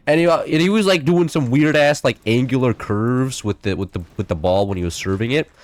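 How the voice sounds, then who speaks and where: A man's voice: medium pitch, fairly quick, no room sound. Rambling sarcastic young male gamer. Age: young adult. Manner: rambling, sarcastic, stumbles and repeats words. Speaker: gaming streamer. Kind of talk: casual rambling chat while gaming.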